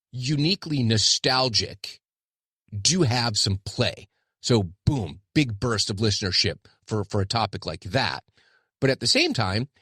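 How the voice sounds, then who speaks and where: A man's voice: medium pitch, a bit bright, no echo, clean studio sound. A middle-aged man hosting his own podcast, talking candidly and self-deprecatingly in a rambling casual monologue. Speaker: podcast host.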